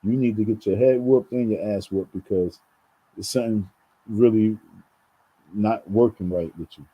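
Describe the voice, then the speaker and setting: Speaking at a moderate pace in a lowish, husky voice, a vlogger from New York delivers a rambling, casual monologue straight to his audience. He repeats himself a lot and keeps calling viewers folks, and the sound is muffled.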